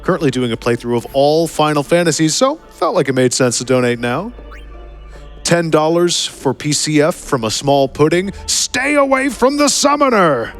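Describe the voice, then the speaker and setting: Guy hosting a charity stream, reads donations, goofy and bouncy, lotsa pitch swings. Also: lively intonation, normal speed, faint music behind. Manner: playful, jokey, laughs often. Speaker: event host reading donations. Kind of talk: live marathon hosting.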